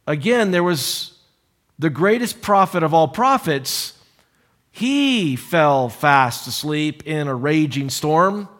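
Middle-aged male preacher, slightly high voice, dramatic Scripture reader with animated asides. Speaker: pastor. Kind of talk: sermon.

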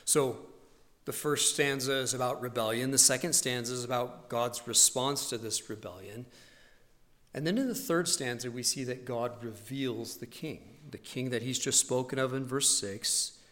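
Earnest male preacher in a reverberant hall. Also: moderate pace. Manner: earnest preaching, swells loud on key points and drops low and soft. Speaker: pastor. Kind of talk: sermon. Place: church sanctuary.

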